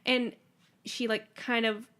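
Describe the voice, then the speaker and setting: A woman's voice: a little high, level tone, slow pace, fairly bright tone. A woman co-hosting a podcast in casual chat, retelling a story and acting out quotes. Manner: chatty, acts out quotes when retelling. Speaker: podcast co-host.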